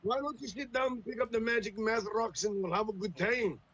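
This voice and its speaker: A man's voice: high-pitched, a little fast, dull audio, crowd noise, voice pushed up, lightly acted. A man voicing an over-the-top male fantasy role-player, theatrical and condescending. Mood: pompous.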